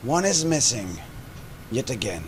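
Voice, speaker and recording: A man's voice: mid-range voice, very animated, unhurried, a little hiss or hum. An actor playing a condescending male scientist with a Russian-sounding accent, sneering at and scolding his assistant.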